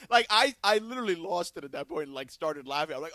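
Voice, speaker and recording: A man on a radio studio mic tells a story with animated flair, playing out both sides of a conversation. His voice sits fairly high and sounds bright and forceful. The sound is close and dry. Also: fast, few pauses, no room sound. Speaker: radio sports talk co-host. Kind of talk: casual radio talk storytelling. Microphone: studio broadcast mic.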